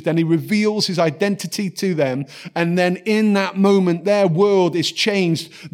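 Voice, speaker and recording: Man preaching a lively sermon. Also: fairly high pitch. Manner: lively storytelling, drops to soft quiet tones for scripture.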